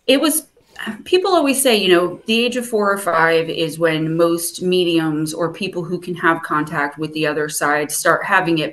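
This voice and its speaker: A woman in her thirties with a New Jersey accent, a podcast guest talking quickly and openly over a video call. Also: on the low side. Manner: quick, chatty, open and upbeat. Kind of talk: casual podcast conversation.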